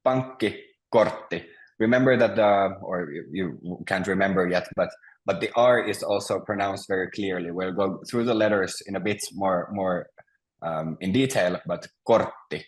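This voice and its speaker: A man leads an online language lesson over a video call. His voice sits on the low side, and he speaks patiently, pausing with fillers and restarting his sentences as he explains. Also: rough recording. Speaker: Finnish teacher. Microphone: video call mic.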